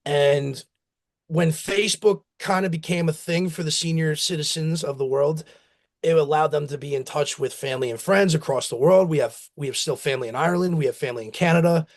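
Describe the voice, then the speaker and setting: A company founder from the United States, this man speaks briskly in a voice on the high side. In a casual interview he tells rambling, anecdotal stories, acting out quotes from his family.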